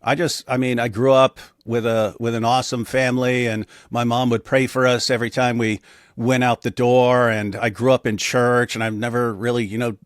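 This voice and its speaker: A man in his forties, a guest in a casual interview, telling stories in an animated way and acting out quotes. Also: medium pitch, normal speed, no room sound, studio quality. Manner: animated storyteller, acts out quotes.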